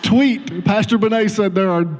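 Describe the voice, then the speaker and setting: A man's voice: sits high, normal speed. A man pastor adding dry, teasing asides during a shared sermon. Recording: reverberant hall with faint noise.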